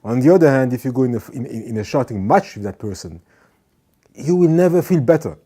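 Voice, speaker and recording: A man's voice: mid-range voice, animated, fairly quick. A man giving an earnest motivational talk, repeating his points and now and then acting out angry people. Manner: earnest, repeats phrases, acts out shouting people. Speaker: motivational speaker.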